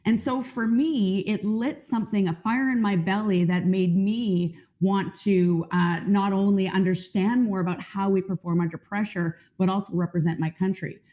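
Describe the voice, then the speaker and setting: A woman's voice: mid-range voice, fairly even intonation, normal speed, few pauses, dark tone. A woman from Canada, a panel guest, telling her own story in an earnest, reflective way with some filler ums. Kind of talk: personal storytelling. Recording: dull lo-fi sound.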